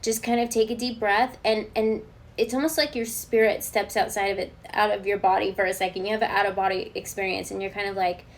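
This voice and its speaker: A woman's voice: mid-range voice, fairly even intonation, a little fast. A woman giving a spoken tarot reading and channeled guidance, earnest and reassuring, often checking in with her listener. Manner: earnest and spiritual, talks straight to the viewer. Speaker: tarot card reader.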